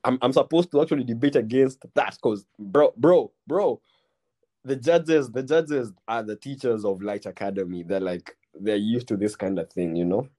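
A young man with a Kenyan accent, hosting a casual podcast chat and telling a story, full of "bro" and "man" and quick restarts. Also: mid-range voice, mellow. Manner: slangy, repeats "bro" and "man", many restarts. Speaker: podcast host.

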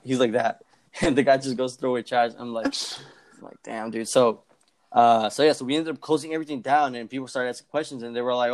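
Young male podcast co-host, rapid casual storyteller, profane, mimics others. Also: medium pitch, fairly even intonation, a little mellow. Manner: fast, profane, acts out quoted voices.

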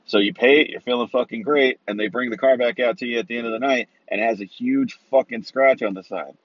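A man's voice: mid-range voice, quick pace, no room sound. A man ranting in a loose, profane monologue, rambling and tossing in rhetorical asides. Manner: rambling, heavy swearing, rhetorical "right?" asides. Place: Los Angeles area. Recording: dry, slightly dull sound.

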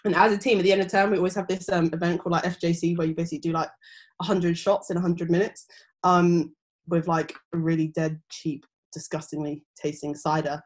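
A woman's voice: fairly low pitch, flat delivery, a little fast. Rambling young woman telling stories. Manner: rambling storytelling with many fillers. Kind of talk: casual chat.

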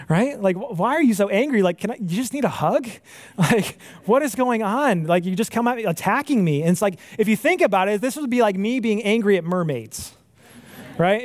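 A man preaching in a relaxed, talky way, checking in with listeners and correcting himself mid-sentence. His voice sits a little high for a man. The sound is close and dry, with no room around it. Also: no echo. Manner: conversational, frequent "right?" and "like", self-correcting restarts. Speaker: pastor. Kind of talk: casual sermon.

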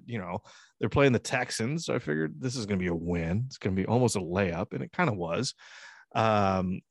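A man with a fairly low voice chats as podcast co-host. He tells rambling stories full of swearing and laughter. His voice sits close and dry, with no room sound around it. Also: no room sound. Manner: profane, laughing storyteller. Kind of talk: casual banter.

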